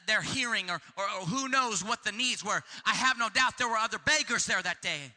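A man preaching a sermon with passion, repeating himself and acting out shouted pleas. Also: very high-pitched, big-room sound. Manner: impassioned, repetitive, acts out shouted pleas.

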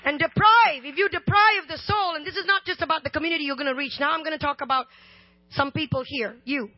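A woman preaching a sermon, chatting and joking before rising into loud, slow shouted lines. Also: high voice. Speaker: guest preacher. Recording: slightly dull, dry sound.

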